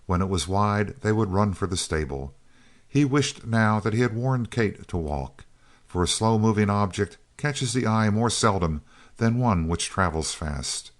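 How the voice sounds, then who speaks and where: A male audiobook narrator reads a Western in a steady, measured way. His voice is deep and low. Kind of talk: scripted narration of a Western novel.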